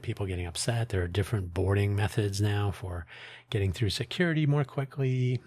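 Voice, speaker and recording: A man's voice: on the low side, brisk, darkish tone, no echo. A man hosting his own podcast, talking in a rambling, wry way with frequent restarts and asides. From United States. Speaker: podcast host. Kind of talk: casual solo monologue.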